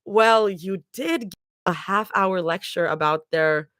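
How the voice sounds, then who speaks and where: A woman's voice: fairly low pitch, unhurried, a bit bright, dry recording. A woman reading aloud as a playful young woman teasing her friend, in a storybook reading.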